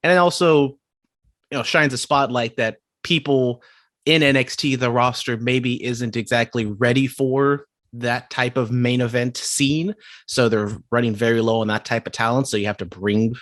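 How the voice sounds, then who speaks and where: A man's voice: mid-range voice, steady tone, normal speed, fairly bright tone, dry recording, studio quality. A man co-hosting a wrestling podcast in casual chat, with wry, sarcastic asides. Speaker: podcast co-host.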